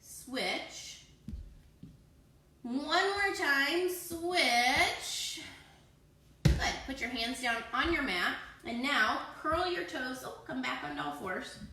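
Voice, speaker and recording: Bright, playful woman leading kids' yoga. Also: high-pitched. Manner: encouraging, playful, cueing poses and breaths. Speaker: kids yoga teacher. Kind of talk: guiding a children's yoga class. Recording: echoey room.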